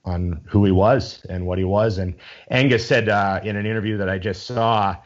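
Man, low voice, rambling casual chat, enthusiastic, swears a lot, dull lo-fi recording. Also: steady tone, normal speed.

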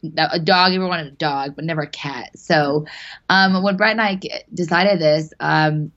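Chatty young woman, slightly low voice. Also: fairly even intonation, normal speed, fairly bright tone. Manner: chatty, laughing, swears casually. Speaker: podcast guest. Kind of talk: casual chat. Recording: dull lo-fi sound.

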